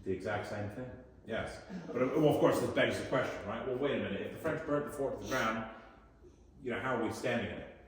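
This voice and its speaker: A man leading a guided tour at a historic fort, lively and joking, often quizzing his group. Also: mid-range voice, fast talker. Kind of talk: guided tour talk to visitors. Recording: echoey space, voice from a distance, faint noise.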